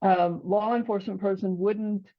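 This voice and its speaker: A woman on a video call speaking earnestly in agreement, with halting restarts. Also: mid-range voice, steady tone, dull audio. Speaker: podcast participant. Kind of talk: casual chat on a video call.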